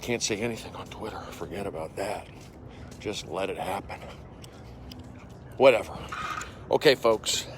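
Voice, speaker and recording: A man in his forties, a comedian livestreaming from his phone while walking outdoors. He speaks in casual chat, reads viewer comments aloud, and coughs and clears an irritated throat. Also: low-pitched, unhurried, long pauses, noisy background. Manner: animated, jumping from loud bursts to mumbled asides.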